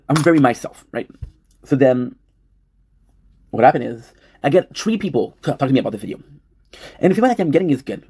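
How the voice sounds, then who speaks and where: Male, 30s, streamer. Rapid, rough-edged voice; rambling, emotional, profane confessional delivery. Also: mid-range voice, darkish tone. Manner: emotional, repeats himself, swears. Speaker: livestreamer. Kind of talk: rambling confessional livestream talk.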